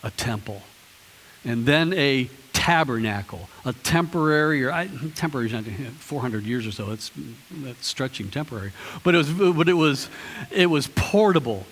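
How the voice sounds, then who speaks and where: Male pastor, higher voice, easygoing preaching, reverb from a big church hall. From Ohio, US. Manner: conversational, chatty preaching with restarts and playful asides to the congregation. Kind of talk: sermon. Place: church sanctuary.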